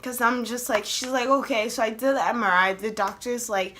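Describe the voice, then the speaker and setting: A woman's voice: fairly high pitch, steady tone, normal speed, a bit bright. A young woman casually telling a personal story to her vlog camera, chatty and full of "like", acting out the voices of people she quotes. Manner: chatty, heavy use of "like", acts out quoted voices. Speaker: vlogger.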